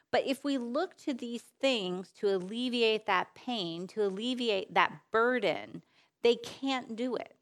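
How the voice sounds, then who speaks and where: Her voice mid-range, a woman gives an earnest Bible talk in sermon style at a women's teaching session. She takes her time, uses repetition for emphasis, asks rhetorical questions, and lets her sentences fade softly.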